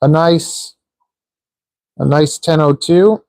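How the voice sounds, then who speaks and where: While putting together a drone on his live stream, a man rambles casually and jokes, using many filler words. His slightly high voice is slow, gravelly, and warm, with no echo in the recording.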